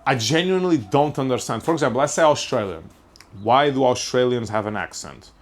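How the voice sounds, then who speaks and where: A man's voice: mid-range voice, animated, fairly quick. Rambling man musing on a podcast. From Portugal. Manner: rambling, self-interrupting, swears casually. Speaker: podcast host. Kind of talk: casual comedic monologue.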